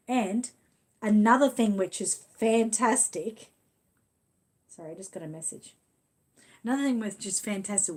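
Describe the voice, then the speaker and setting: An Australian woman with a middle-pitched voice hosts a relaxed live stream, reading through viewer comments in a friendly, easygoing way. She speaks casually and reacts with small laughs along the way.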